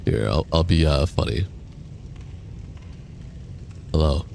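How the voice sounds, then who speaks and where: A man's voice: extremely low pitch, slow pace, vocal fry, mellow, slight background noise. A man live-streaming a game on a desk microphone, chatting casually, reading chat aloud, laughing and swearing now and then. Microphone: desk USB microphone.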